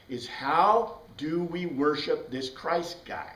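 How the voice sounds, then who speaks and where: A man teaching a Bible class, lively and digressive, spelling out Greek words for his students. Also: a little high, takes it slowly, hardly any pauses. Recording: roomy room, distant mic.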